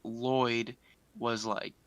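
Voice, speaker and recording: A young man with a bright, forward voice, recounting a film scene in excitable casual podcast talk. He stumbles through fillers and restarts, recorded close and dry. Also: medium pitch, extremely slow, dry recording. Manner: excitable retelling, heavy with "like" and "uh". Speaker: podcast co-host. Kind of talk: casual chat.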